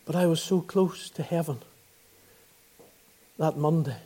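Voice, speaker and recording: High-voiced Northern Irish preacher. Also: male voice, unhurried, warm tone, breathy edge. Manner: earnest storytelling, rising to fervent appeals. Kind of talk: gospel sermon testimony.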